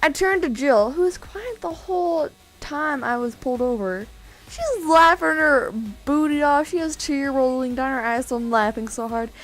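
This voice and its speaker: A teenage girl from California telling a story in an animated, excitable way on a casual vlog. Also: high-pitched, moderate pace, low-quality recording.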